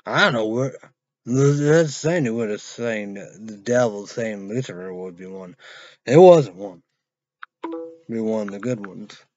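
A man's voice: lowish voice, dry recording, muffled recording. A man rambling and swearing through a casual vlog, trailing off into mumbles. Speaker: vlogger reviewing an energy drink.

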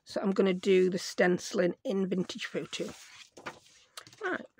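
A woman hosting a crafting tutorial, her voice croaky, chatting and thinking aloud as she works at her craft desk at home. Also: on the low side, steady tone, a little slow. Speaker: craft video host.

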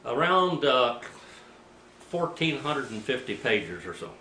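A man's voice: medium pitch, sing-song, slow pace, sharp tone. Older man preaching in an echoey room. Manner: rambling, anecdotal, with frequent restarts and throat clearing. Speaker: preacher and Greek teacher. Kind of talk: informal teaching sermon. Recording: echoey room, mic at a distance, faint background noise.

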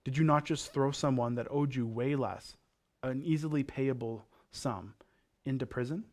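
A man's voice: medium pitch, normal speed, darkish tone, lightly acted. A male preacher voicing a stern king who scolds a servant in a retold parable. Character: angry king demanding payment, middle-aged man.

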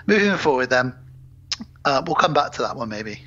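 Brief: podcast co-host, husky and expressive, dull lo-fi recording. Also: male voice, mid-range voice, normal speed. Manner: animated, swearing, acts out scenes. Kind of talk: casual film recap chat. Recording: muffled home podcast audio.

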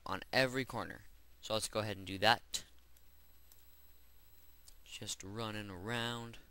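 This Minecraft tutorial host speaks at medium pitch with a bright, forceful tone. Over gameplay footage, he walks through a building project step by step, chatting loosely and rambling as he goes.

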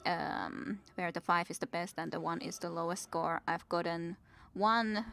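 A woman's voice: on the low side, steady tone, measured pace, creaky, a bit bright. A woman in her twenties streaming a game, chatting casually and answering her chat between moments of play. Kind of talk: casual live-stream chat while gaming.

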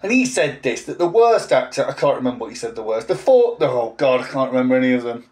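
A man's voice: medium pitch, big pitch swings, fast, a little mellow. A man in his forties, a language teacher, ranting in a blunt, sarcastic vlog monologue with an English accent. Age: 40s.

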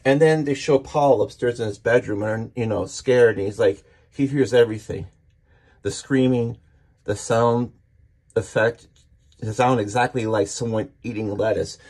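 A man's voice: medium pitch, fairly even intonation, normal speed, a little mellow, husky. A man casually walking through a comic book issue page by page, enthusiastic and rambling, often restarting his sentences.

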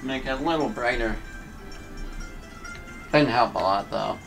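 Laid-back gravelly male game streamer. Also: medium pitch, unhurried, fairly bright tone, faint music behind. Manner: laid-back, joking asides to chat. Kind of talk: casual let's-play commentary.

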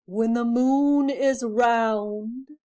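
A grand, mysterious magic lizard from a storybook, voiced by a woman, speaking very slowly and solemnly. The words are loud, measured and drawn out like a spell. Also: fairly high pitch, fairly even intonation.

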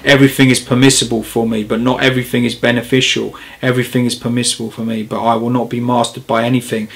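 A man delivers an informal sermon, moving between scripture reading and his own commentary. His voice sits at an ordinary middle pitch. He talks earnestly and turns forceful and emphatic as he presses his points. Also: little pitch movement, quick pace, gravelly. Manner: earnest, grows impassioned and emphatic. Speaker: preacher.

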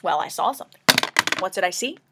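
A tearful woman speaks to her camera at home in a casual confessional vlog. Her voice sits at an ordinary middle pitch, and she rambles nervously, sometimes sinking into a whisper. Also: lively intonation, quick pace, very noisy. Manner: rambling, anxious and emotional, often dropping to a whisper. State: tearful, crying. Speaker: vlogger.

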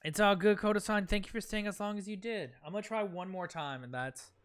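A man's voice: high voice, a little fast, a bit bright, clean tone. A man chatting through a live gameplay stream, joking at himself and muttering the same phrases over and over. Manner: chatty, self-mocking, repeats phrases under his breath. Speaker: game streamer.

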